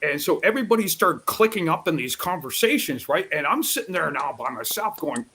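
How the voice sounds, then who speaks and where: Animated, profane man telling a story. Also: fairly high pitch, brisk, a little hiss or hum. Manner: profane, animated storytelling with loud acted-out quotes. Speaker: guest storyteller. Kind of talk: casual live chat.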